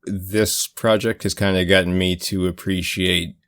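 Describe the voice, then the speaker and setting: Very deep-voiced candid man. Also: flat delivery, unhurried, a bit bright, clean tone. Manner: candid, loose, swears casually. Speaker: podcast co-host and player. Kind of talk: casual podcast chat.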